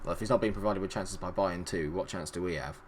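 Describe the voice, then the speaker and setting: A man giving chatty, excitable commentary on a management game, full of rambling asides. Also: low-pitched, fast talker. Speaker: gaming YouTuber.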